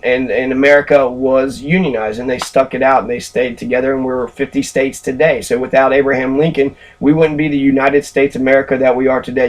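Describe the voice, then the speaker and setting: A man ranting about history in an angry, heavily profane way, with many filler ums. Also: medium pitch. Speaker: history commentator.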